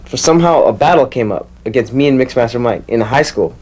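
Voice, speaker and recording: A man's voice: medium pitch, lively intonation, fast, darkish tone. Young man rambling through a story. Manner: rambling, mimics scratch sounds with his mouth. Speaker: interviewee. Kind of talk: casual storytelling.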